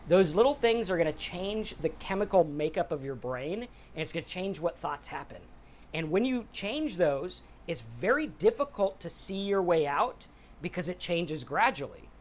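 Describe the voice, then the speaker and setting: At a moderate pace, a middle-aged podcast host with a high, sing-song voice speaks casually and simply about sobriety and mental health. It's a conversational, motivational talk, and he puts on other voices when quoting people.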